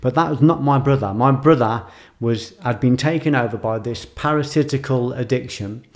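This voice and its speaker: A writer and filmmaker speaking in a reflective personal monologue, intense and emotional, repeating phrases for emphasis. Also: male voice, medium pitch, normal speed.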